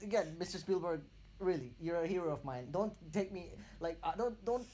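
A man's voice: high-pitched, normal speed, warm tone, a little hiss or hum. A man co-hosting a film podcast, chatting loosely and breaking off his own thoughts to apologize. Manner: rambling, self-interrupting, apologetic. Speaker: podcast co-host. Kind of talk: casual chat.

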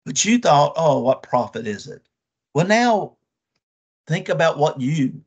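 A man preaching a sermon with emphatic, drawn-out phrases and rhetorical questions to his listeners. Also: a little high, animated, breathy edge.

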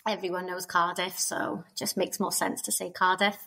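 A woman's voice: fairly low pitch, little pitch movement, normal speed, creaky, bright, forceful tone, poor audio. A Welsh woman from Wales, a podcast guest chatting casually about her move abroad over a video call. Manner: chatty, laughs while telling stories. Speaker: guest, migrant to Australia. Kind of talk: casual interview chat.

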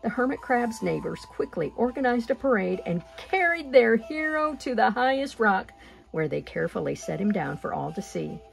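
A woman reading a children's picture book aloud with gentle, expressive pacing. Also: on the high side, normal speed, gravelly, faint music behind. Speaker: storyteller.

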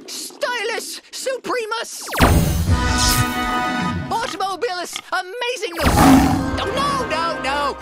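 A woman's voice: extremely high pitch, full character voice. Woman doing a sly cartoon leprechaun peddler. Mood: excited. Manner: wheedling salesman patter, gloating cackles. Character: sly, greedy male leprechaun merchant. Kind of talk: cartoon voice acting.

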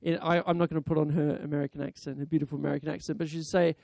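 A middle-aged Australian pastor delivers a sermon in a high voice with a mellow, warm tone. He preaches fervently and leans into prayer with repeated calls to the Lord. The recording is close and dry. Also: little pitch movement, racing, gravelly, dry recording. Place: church sanctuary.

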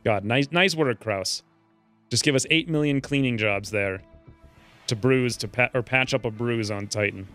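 A man's voice: medium pitch, moderate pace, soft background music. A man giving casual, joking commentary over a game, now and then ranting in character as his angry dwarf. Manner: joking, animated, voices his dwarf's rants. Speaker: let's play host.

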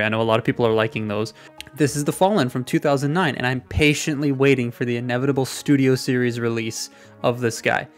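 A man giving a casual, chatty toy review with offhand, sarcastic asides, speaking into a desktop microphone. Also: mid-range voice. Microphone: desktop USB mic.

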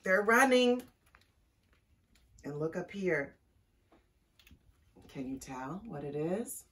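A woman's voice: fairly low pitch, distant mic. A woman librarian reading a picture book aloud to young children, chatty and asking them questions. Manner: slow, lively and chatty with young listeners.

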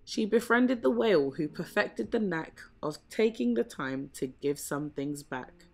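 Woman, storybook reading, slow, low-pitched, soft music behind. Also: expressive, gravelly. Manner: slow, gentle, measured reading. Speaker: storybook reader. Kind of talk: rhyming picture-book read-aloud. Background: soft background music.

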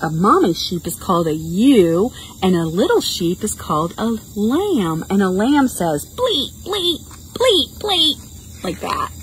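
A woman reads a picture book aloud to toddlers, her pitch leaping around in a bouncy sing-song. She talks slowly and patiently, coaxing the little ones and making animal noises as she goes. Faint insect chirps hum in the open air behind her. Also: very animated, rough recording. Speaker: children's librarian. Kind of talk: toddler storytime reading. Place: outdoors.

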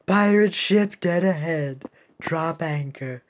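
Game villain-ish captain: stern, formal, British-accented female ice captain, done by a woman reader, low and measured. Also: slight background noise. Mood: dry. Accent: British (put on).

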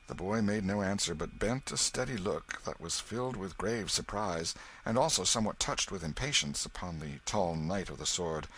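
A man narrating a classic novel audiobook in a measured storytelling manner. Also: low-pitched, fairly bright tone, slightly rough, rough recording. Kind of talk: scripted narration.

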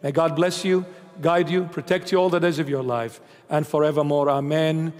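A male bishop giving a sermon's closing words and prayers in a measured, solemn way. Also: fairly high pitch, fairly even intonation, a little mellow. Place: church. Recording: long church reverb.

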